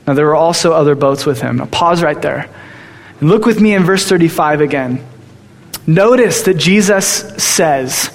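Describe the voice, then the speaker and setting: Young preacher in a reverberant hall. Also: male voice, a little high, moderate pace. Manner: storytelling, animated. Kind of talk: sermon.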